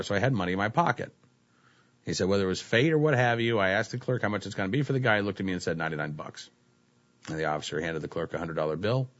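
A man hosting a casual talk show. He reads news stories aloud and uses many fillers like "uh, you know.". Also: fairly low pitch. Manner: relaxed, filler-heavy, says "uh, you know" often. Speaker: host. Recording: dull lo-fi recording.

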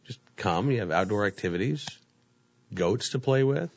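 A man with a fairly low voice hosts a relaxed conversation, easygoing and joking while keeping a calm, steady delivery. The recording sounds dull and muffled but completely dry, with no room sound. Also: moderate pace, creaky, dry recording. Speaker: podcast host. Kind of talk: casual chat.

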